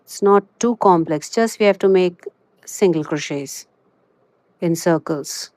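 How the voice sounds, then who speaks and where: Her voice is lowish and a little mellow, captured in a dry recording. This talkative crochet streamer teaches a live lesson and chats, padding pauses with "you know."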